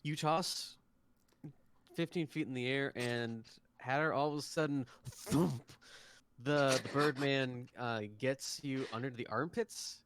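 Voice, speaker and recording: A man narrating a tabletop game as game master, hesitant with many pauses and restarts. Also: medium pitch, steady tone, crowd noise.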